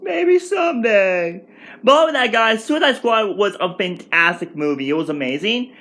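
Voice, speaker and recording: A man in his twenties telling a rambling, excitable storytime rant at home for his vlog, restarting his sentences often. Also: high-pitched, a little fast. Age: 20s. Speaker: vlogger.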